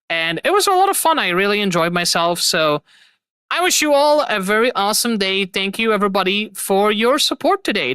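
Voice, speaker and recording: A woman's voice: low voice, bright, forceful tone, smooth, dry recording. A woman streamer signing off her stream in a casual, effusive, rambling way, repeating her thanks. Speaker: streamer and host.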